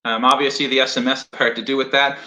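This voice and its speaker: A man's voice: mid-range voice, little pitch movement, fast, pushed and bright. A man co-hosting a casual virtual award show over a video call, jokey and upbeat. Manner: jokey, upbeat, loose with fillers. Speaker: awards co-host.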